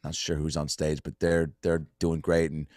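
A male comedian telling a story as a podcast guest, animated, casual and swearing, acting out what people said. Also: very deep voice, moderate pace, dry recording, clean studio sound. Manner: animated, swearing, acts out quotes.

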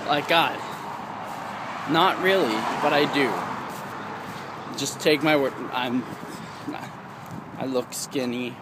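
Young male vlogger, rambling outdoor rant, slowish delivery, lively pitch, traffic in the background. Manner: rambling, animated, mocks voices with high squeals. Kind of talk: casual vlog rant. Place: outdoors, walking in town. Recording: outdoor street noise behind.

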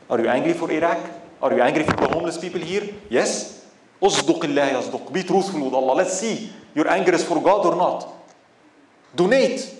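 A man giving a religious lecture, impassioned and full of rhetorical questions that build to emphatic outbursts. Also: mid-range voice. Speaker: Islamic lecturer. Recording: echoey room with faint background noise.

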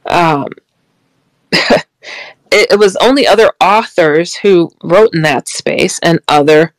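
A middle-aged woman, an author and paranormal speaker, tells a personal story in a casual, chatty way, laughing often and acting out what people said. Her voice is fairly low and slow, on a dry recording with poor audio.

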